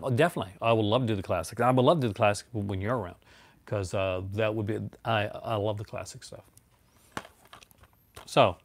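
A man's voice: fairly low pitch, gravelly, dry recording. A man hosting a casual, rambling chat about his movie collection, laughing often.

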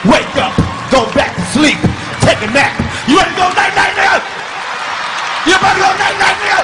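A man voicing his menacing, boastful uncle who vows revenge, shouting threats. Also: steady tone, over loud music, over a noisy crowd, close to an everyday voice. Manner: shouting threats, lower and slower.

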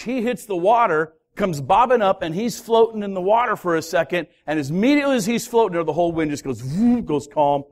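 A pastor preaching a sermon, telling a story with lively, acted-out voices of its characters. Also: male voice, on the high side. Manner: animated storytelling, acting out voices of the sailors. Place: church hall.

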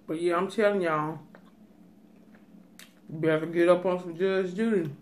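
A woman's voice: on the low side, fairly even intonation, measured pace. A woman vlogger chatting casually to her viewers, giving emphatic advice and repeating herself for emphasis. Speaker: cooking and mukbang vlogger. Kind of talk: casual chat.

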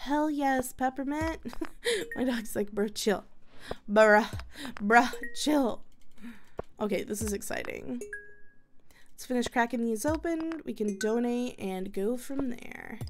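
Chatty young woman gamer, kinda high voice, gets super excitable. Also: unhurried, slight background noise. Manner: bubbly, excitable, chatty, talks to her viewers. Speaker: gaming video host. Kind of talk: casual gameplay commentary.

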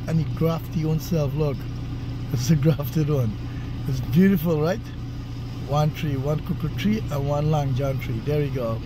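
Man, high voice, enthusiastic vlogger, outdoor camera mic, heavy vehicle noise. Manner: enthusiastic, chatty, addresses viewers directly. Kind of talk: casual vlog narration. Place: outdoors in rural bush, often driving a vehicle. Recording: outdoor recording with loud engine and wind noise.

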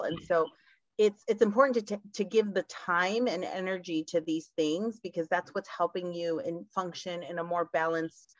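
A woman co-presenting an online workshop, talking conversationally with quick asides. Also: lowish voice, dry recording. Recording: dull lo-fi, dry sound.

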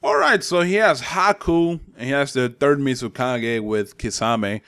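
A man's voice: medium pitch, animated, unhurried, fairly bright tone, clear, resonant tone. A young man giving profane, trash-talking commentary over online gameplay at home. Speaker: gaming channel host. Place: home apartment with neighbors upstairs.

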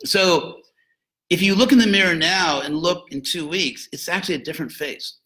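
An older man giving an informal, conversational lecture to students as a spiritual teacher, with joking asides and animated emphasis. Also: sits high, normal speed, poor audio.

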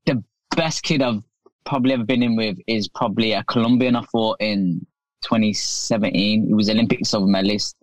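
A man's voice: on the low side, fairly even intonation, fairly quick, no room sound. A male boxer guesting on a podcast, laid-back, telling stories with easy humour. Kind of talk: casual chat.

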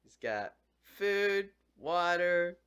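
A man's voice: high voice, lively intonation, drawn-out words, a bit bright, clear, resonant tone, no room sound, studio quality. A man vlogging casually, short on sleep, talking to his dog in an exasperated, swearing, mock-scolding way.

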